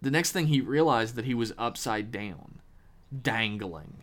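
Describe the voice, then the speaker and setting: A man hosting a podcast, reading a horror story aloud with measured, dramatic pauses. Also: lowish voice, sing-song, a bit bright.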